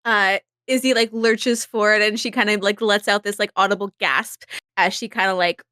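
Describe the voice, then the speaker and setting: A woman's voice: mid-range voice, fairly even intonation, moderate pace, sharp tone, no echo, studio quality. A woman player describing her character's actions in a tabletop game, in a casual way peppered with filler words.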